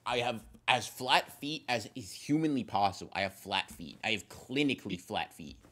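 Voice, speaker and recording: A young man co-hosting a podcast, in casual livestream chat, with mumbled, halting, deadpan banter. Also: lowish voice. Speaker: podcast co-host.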